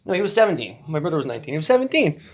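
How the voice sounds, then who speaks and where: High, lively-voiced profane ranting man. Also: rapid-fire. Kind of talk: rambling casual storytelling.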